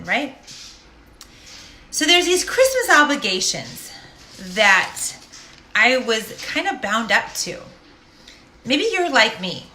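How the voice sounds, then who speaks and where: A woman's voice: mid-range voice, sharp tone, slight background noise. A middle-aged woman telling a personal story to a live audience in a casual, jokey, self-deprecating way. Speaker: host of a live stream. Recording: echoey room.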